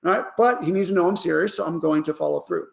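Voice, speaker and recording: High, gravelly man coaching parents. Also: quick pace, highs cut off. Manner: casual, keeps checking in with "all right?". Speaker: life coach and teacher. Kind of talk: parenting advice lesson.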